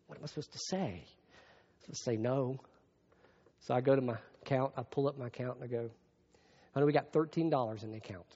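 Male pastor, sermon delivery, dynamic from hushed to emphatic; echoey hall. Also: medium pitch. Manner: swings from hushed reflection to raised emphatic preaching. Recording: muffled long-reverb hall sound.

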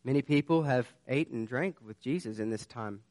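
A man preaching, earnest and conversational, who moves from a personal story to urgent warnings. His voice sits at an ordinary middle pitch. The sound is close and dry, with no room echo. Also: moderate pace, darkish tone. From southern United States. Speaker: pastor.

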